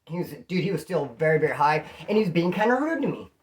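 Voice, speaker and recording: A man's voice: fairly high pitch, sing-song, fast. A man from California casually telling a story about his time in jail, talking in slang and acting out the voices of the people he quotes. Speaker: prison storyteller.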